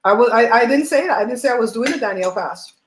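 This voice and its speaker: A woman hosting a livestream, chatting and telling stories in an animated way while eating at home on a laptop mic. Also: on the high side, quick pace, roomy sound, a little hiss or hum, rough recording. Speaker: host.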